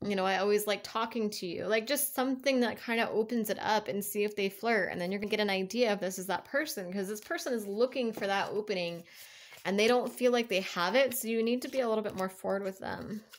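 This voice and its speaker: Speaking quickly in a mid-range voice, this tarot reader chats her way through a casual reading. She's encouraging and rambly, full of fillers and restarts, with laughter slipping in between thoughts.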